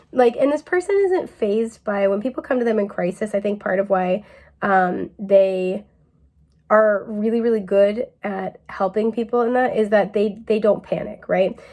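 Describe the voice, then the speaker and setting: A woman talks through a pick-a-card tarot reading in a loose, chatty way, full of ums and little laughs. Her voice sits in an ordinary middle range, and she sometimes slips into a mellow drawl to quote someone. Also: medium pitch, moderate pace. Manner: chatty and laid-back, many fillers, laughs often.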